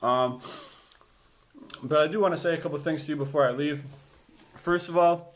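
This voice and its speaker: Relaxed male coach, easygoing vlog chat to his students, talks while eating. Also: a little high, moderate pace, long pauses. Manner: relaxed and chatty, talks with his mouth full. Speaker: school gym coach. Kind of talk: casual cooking vlog to students.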